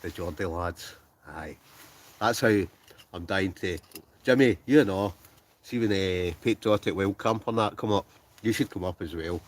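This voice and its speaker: Un hombre escocés que charla en directo desde su tienda de acampada y lee los comentarios del chat entre bromas, a veces murmurando. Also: male voice, deep voice, unhurried. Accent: Scottish. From Scotland. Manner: chatty, joking, trails off into mumbles. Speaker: wild camping livestreamer reading chat. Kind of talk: casual live-stream chat. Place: in a tent with a stove, outdoors at night.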